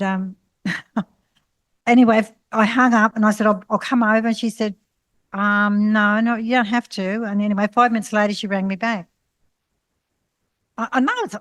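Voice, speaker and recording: A middle-aged woman tells a personal testimony on a panel, pausing often and restarting her sentences. Her voice sits in an ordinary middle pitch. The sound is dry and close, with no room echo. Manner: halting, many fillers and restarts. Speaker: panel speaker sharing testimony. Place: college panel session.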